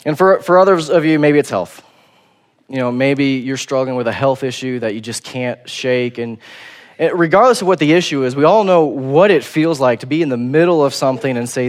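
A man preaching a sermon in a casual, conversational way, acting out quotes in a relaxed voice. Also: medium pitch, fairly quick.

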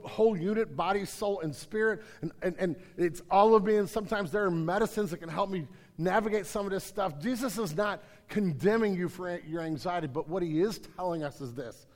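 Male pastor, high voice, earnest sermon delivery with restarts, large reverberant room. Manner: earnest, repeats words, rises to emphatic then drops low. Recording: hall reverb.

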